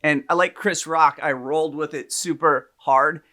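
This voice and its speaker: Man, high voice, bright tone, animated storyteller, casual podcast chat. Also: moderate pace. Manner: animated storyteller, acts out quotes loudly. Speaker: podcast co-host.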